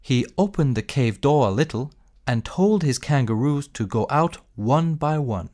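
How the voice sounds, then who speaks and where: Slow, lively male storybook narrator. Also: mid-range voice. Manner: clear, measured storytelling with expressive emphasis. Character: space captain telling his own adventure. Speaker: textbook audio reader.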